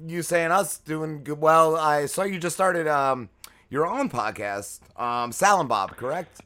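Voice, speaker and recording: A man's voice: fairly high pitch, a little slow, sharp tone. A man co-hosting a podcast, chatting loosely and laughing easily with a guest. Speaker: podcast co-host. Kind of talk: casual podcast chat.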